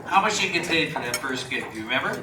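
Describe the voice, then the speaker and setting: A man interviewing a guest on stage, prompting him with brisk questions. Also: medium pitch, expressive, background noise. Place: supper club stage before an audience. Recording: roomy venue sound from a distant mic with dish clatter.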